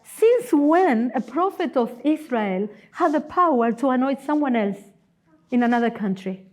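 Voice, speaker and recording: A woman with a non-native English accent, preaching a sermon as a guest speaker in a church, in an earnest, emphatic storytelling manner with dramatic pauses. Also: high voice, expressive, darkish tone.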